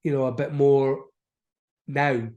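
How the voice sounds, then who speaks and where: Here a middle-aged Aberdonian actor, guesting in a casual interview, rambles and keeps restarting. He speaks slowly and flatly at medium pitch with a dark tone, and the sound is lo-fi.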